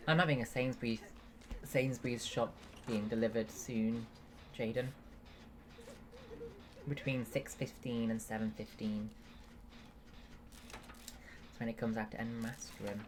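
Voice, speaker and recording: A woman's voice: extremely low pitch, fairly even intonation, a little slow, pauses often, background noise. A woman, streaming a game and chatting playfully with viewers as she reads the chat. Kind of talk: casual live-stream chat, reading and answering viewers.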